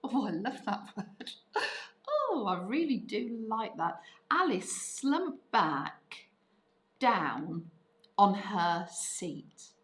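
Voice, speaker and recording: Middle-aged female teacher, animated and unhurried, echoey room sound. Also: medium pitch. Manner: lively, voices quoted parents' phrases. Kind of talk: writing lesson, thinking aloud.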